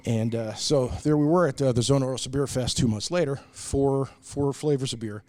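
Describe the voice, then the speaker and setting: A middle-aged American brewery owner tells stories in a casual podcast interview, speaking earnestly with lots of "uh"s and acting out the people he quotes. His voice is mellow, medium-pitched and moderately paced, captured in a dry, clean studio recording.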